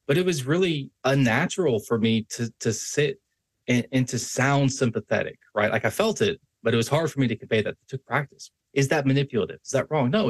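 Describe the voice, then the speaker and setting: Husky-voiced man giving a casual voice lesson. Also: medium pitch, dry recording. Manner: conversational, varies his tone to demonstrate, frequent restarts and "right?" checks. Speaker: podcast host. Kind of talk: instructional talk on voice and persuasion.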